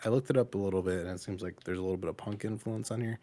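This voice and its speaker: A man's voice: low-pitched, steady tone, racing, warm tone. A man hosting a music reaction podcast, chatting casually with many hesitant fillers. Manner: hesitant, lots of filler words. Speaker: podcast host.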